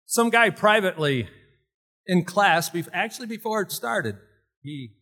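Older male preacher, bright tone, lively storyteller who laughs and shouts now and then. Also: high voice, normal speed. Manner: animated, laughs often, jumps to shouting. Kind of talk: storytelling sermon.

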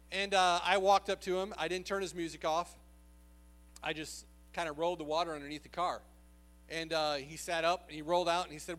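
A man's voice: fairly high pitch, fairly bright tone. A man preaching a sermon, telling a personal story in an earnest, conversational way with frequent filler sounds.

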